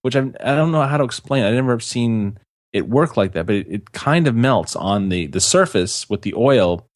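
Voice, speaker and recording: Clean studio audio without room sound carries this man's animated, mid-range voice at a moderate pace. He's a podcast co-host in a casual conversation, rambling through many fillers and restarts and quick to laugh.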